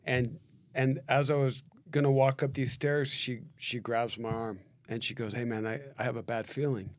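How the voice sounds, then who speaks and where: A man co-hosting a casual podcast, telling a story with lively acted-out dialogue. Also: medium pitch, normal speed. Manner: animated storyteller acting out dialogue. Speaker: podcast co-host, realtor.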